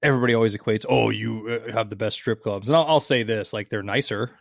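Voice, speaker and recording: A man from Las Vegas co-hosts a podcast, telling stories in casual chat with a lowish, creaky voice and fast delivery. He's animated, swears freely, and acts out what people said, and the recording is studio quality with no echo.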